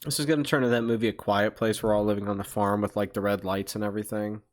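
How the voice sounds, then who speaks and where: Guy on a stream reading chat, kinda low voice, rambly and sweary. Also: fairly even intonation, very fast. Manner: rambling, profane mock accusations. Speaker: channel host. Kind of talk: casual livestream chat answering chat.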